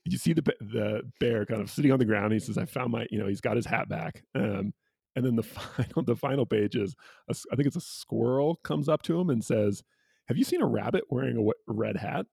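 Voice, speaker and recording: A man co-hosting a casual book discussion, retelling a picture book and slipping into quick quoted voices. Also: medium pitch, vocal fry, a little mellow, breathy edge, dry recording. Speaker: co-host.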